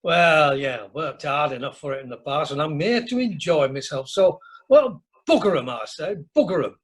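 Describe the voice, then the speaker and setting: A man's voice: a little high, expressive, normal speed, slightly rough. An actor playing a blunt, hearty older male cruise passenger, recorded over a video call for an amateur radio play. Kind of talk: amateur radio drama acting. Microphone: remote video call.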